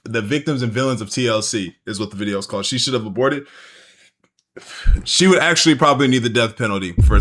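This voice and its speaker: A man's voice: on the low side, a bit bright. Blunt, profane man reacting casually. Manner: blunt, profane and joking, with slang. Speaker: reaction streamer.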